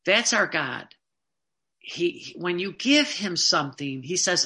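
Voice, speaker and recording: Earnest preacher with a bright, forceful tone, pressing the congregation with questions. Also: medium pitch, animated, measured pace. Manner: earnest, asks the listeners direct rhetorical questions; tells personal anecdotes with quoted back-and-forth dialogue. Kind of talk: sermon.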